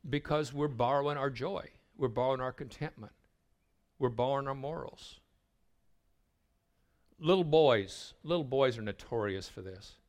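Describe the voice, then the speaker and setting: An older man preaches at a retreat in a voice of ordinary pitch. He tells stories in a sermon style, repeating words as he gets going. He drops to a soft hush in tender moments. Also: a little fast. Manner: storytelling, dropping to a hushed voice for tender moments; repeats words when starting a thought. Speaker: retreat speaker.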